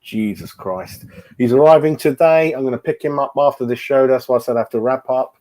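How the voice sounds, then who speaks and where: A man's voice: medium pitch, a little fast, a little mellow. Chatty man in his forties. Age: 40s. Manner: chatty, reads chat aloud, calls everyone mate. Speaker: fan channel host. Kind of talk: casual live-stream chat.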